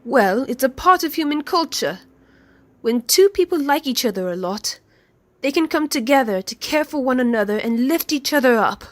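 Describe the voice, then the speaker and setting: A woman voicing a gentle, devoted female train engine in a fan audio drama, speaking earnestly and with feeling. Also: sits high, expressive, normal speed, no echo. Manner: earnest and heartfelt, emotional. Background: music.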